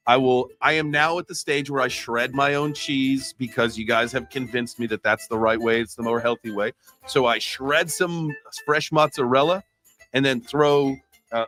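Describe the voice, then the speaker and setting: A man's voice: mid-range voice, a bit bright. A man hosting a casual crypto livestream, joking loosely and swearing freely. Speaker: host.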